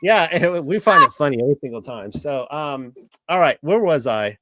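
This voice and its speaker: A man in his thirties with a Californian accent, rambling through a casual monologue as host. He halts, restarts and fills the gaps with "uh" and "um". His voice sits at a middle pitch, recorded close and dry with no room sound. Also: lively intonation, pushed and bright, no echo. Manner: rambling, halting, with many restarts and fillers.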